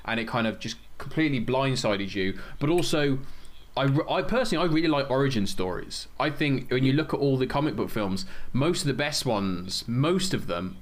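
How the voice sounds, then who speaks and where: A man's voice: medium pitch, expressive, fairly quick. A man hosting a casual podcast discussion, talking with enthusiasm and often restarting his sentences. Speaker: podcast host leading the discussion.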